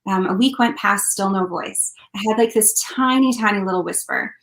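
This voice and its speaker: A woman's voice: mid-range voice, moderate pace, a bit bright. A woman, a country singer, telling her story earnestly in a casual interview, with lots of fillers. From Canada. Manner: earnest, heartfelt, many fillers.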